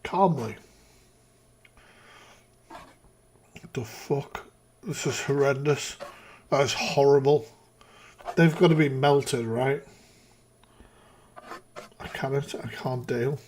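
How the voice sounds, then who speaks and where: A man's voice: mid-range voice, little pitch movement, slow, long pauses, darkish tone, a little hiss or hum. Exasperated, swearing streamer man. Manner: exasperated, profane ranting. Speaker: live-stream reaction host. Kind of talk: casual live-stream commentary.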